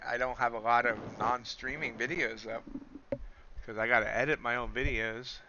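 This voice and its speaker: A man hosting a live trading stream, talking casually in a loose, rambling, self-deprecating way with a smooth radio-style voice. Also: mid-range voice, bright, forceful tone, dull audio. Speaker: livestream trading host.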